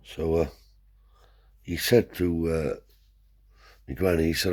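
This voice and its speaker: Very deep husky older man. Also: steady tone, takes it slowly. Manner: broad dialect, frequent swearing, "see?" tags. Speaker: Romany traveller storyteller. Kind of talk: rambling oral storytelling.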